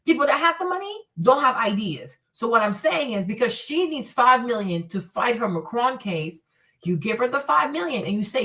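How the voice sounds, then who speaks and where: Casting: outspoken woman livestream host, cussing, animated, high-pitched. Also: normal speed, far from the mic. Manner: blunt, profane, animated ranting. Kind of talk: livestream commentary.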